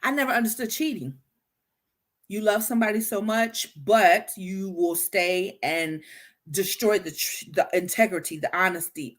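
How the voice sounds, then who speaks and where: A woman hosting a casual talk on healthy communication, speaking straight to her listeners, animated and stumbling into frequent restarts and repeated words. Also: fairly low pitch. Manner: addresses listeners directly. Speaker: podcast host.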